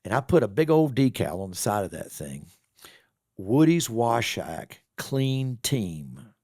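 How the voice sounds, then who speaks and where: Folksy man, gravelly voice. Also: on the low side, slow pace, no room sound, studio quality. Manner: folksy, animated storyteller acting out quoted voices. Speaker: business owner and real estate developer. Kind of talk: casual storytelling in a podcast interview.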